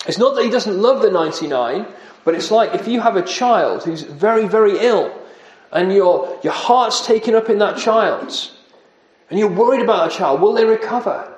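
A man's voice: sits high, expressive, moderate pace, reverberant, dull audio. A man preaching an earnest expository sermon, often dropping his voice for emphasis.

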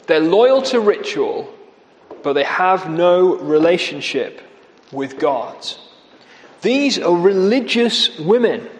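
Guy preaching, kinda high voice, sarcastic, big echoey hall. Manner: sarcastic, mocking quotes with rising pitch. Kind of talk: sermon.

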